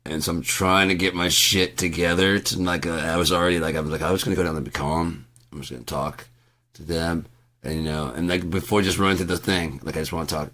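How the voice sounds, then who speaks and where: Deep-voiced man ranting in a rambling vlog. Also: fairly bright tone. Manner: profane, ranting, rehearsing an argument aloud; rambling with many restarts. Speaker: vlogger.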